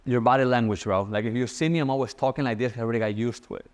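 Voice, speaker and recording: A young man giving a casual sales-coaching talk, fast and animated, repeating his key points. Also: mid-range voice.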